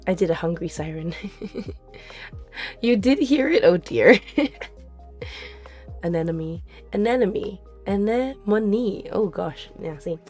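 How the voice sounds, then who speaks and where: A woman's voice: fairly low pitch, sing-song, unhurried, long pauses, darkish tone. A woman streamer chatting casually with her live chat, giggling often and answering questions as they come. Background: faint background music.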